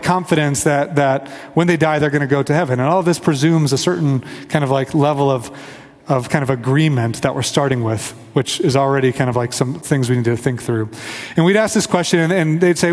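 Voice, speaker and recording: A Kansas City-area pastor with a fairly high voice talks at normal speed, his sound filling a big room. He earnestly preaches a conversational sermon in the church sanctuary, leads prayer, and gives voice to the people he quotes.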